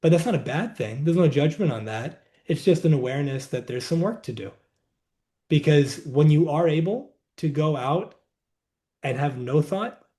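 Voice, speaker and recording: A man as a podcast guest, calmly explaining a wellness practice in a reflective, conversational way, seated indoors. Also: a little high. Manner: reflective, unhurried, says "like" often. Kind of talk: conversational interview, teaching.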